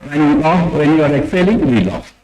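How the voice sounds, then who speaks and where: A man addresses a room in an animated, playful way, telling jokes and cheering people into group exercises. His voice sits a little high for a man, and he leads chanting with bounce and energy. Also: brisk, rough recording. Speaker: speaker at a medical meeting. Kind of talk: lively talk with jokes and laughter exercises.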